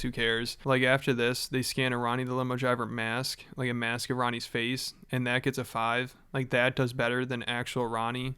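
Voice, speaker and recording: A man narrating a casual commentary about a radio show clip, telling the story in a wry, relaxed way. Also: medium pitch, clean tone. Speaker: commentary host.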